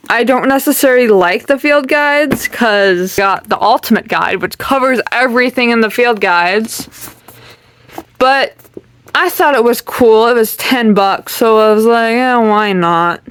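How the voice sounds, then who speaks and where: A woman's voice: fairly high pitch, fairly bright tone. A young woman giving a casual bookshelf tour, chatty and rambling, often trailing off with ums and little giggles. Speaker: channel host.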